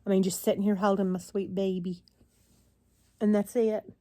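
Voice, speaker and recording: A woman's voice: mid-range voice, flat delivery, normal speed, warm tone. An older woman vlogging into her phone, chatting in a rambling, weary way with frequent sighs. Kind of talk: casual chat to camera.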